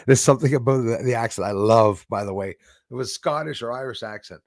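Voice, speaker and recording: A man's voice: medium pitch, quick pace, creaky, no room sound, studio quality. A man hosting a live stream, chatting casually and jokingly with viewers, rambling with many fillers and restarts. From Canada.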